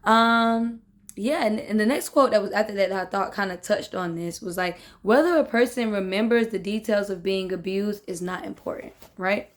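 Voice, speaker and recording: A young adult woman hosting a casual book discussion, talking in a relaxed conversational way and often checking in with "right?" and "you know what I'm saying". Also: medium pitch, moderate pace. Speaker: host of a self-love book discussion. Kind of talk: casual reflective talk.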